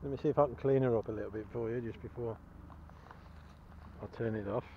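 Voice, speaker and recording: A man's voice: medium pitch, steady tone, fast, muffled recording, slight background noise. A man chatting cheerfully to the camera as he metal-detects outdoors, chuckling and enthusiastic about each find. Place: outdoors in a field.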